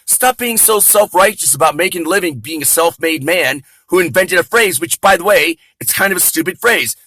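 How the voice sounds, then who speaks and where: A man's voice: sits high, lively intonation, brisk, bright, forceful tone, husky, no echo, pitched above the performer's own voice, full character voice. A man voicing a skeptical questioner who nitpicks and needles in a sarcastic way.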